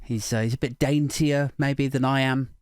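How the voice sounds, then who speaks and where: A man's voice: medium pitch, fairly even intonation, moderate pace, dry recording, clean studio sound. A man hosting a comedy podcast, ranting satirically in a mocking tone, swearing, often breaking into laughter. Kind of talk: satirical rant.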